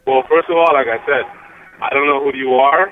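A man's voice: mid-range voice, fairly even intonation, fairly quick, a little hiss or hum. A man taking a phone call while driving, defensive and stammering, heard over a hands-free line. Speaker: prank call target. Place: in a car. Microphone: car hands-free phone.

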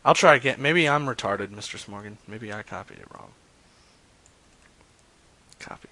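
A man's voice: fairly low pitch, lively intonation, normal speed, pushed and bright. A man streaming live, chatting loosely with his viewers between prank calls, with lots of fillers and jokes. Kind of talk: casual live-stream chat.

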